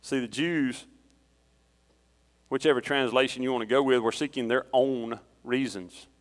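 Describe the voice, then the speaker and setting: A man preaching a sermon in a relaxed, conversational way, telling personal stories. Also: medium pitch, normal speed. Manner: conversational, storytelling with personal anecdotes. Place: church. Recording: long reverb of a church hall.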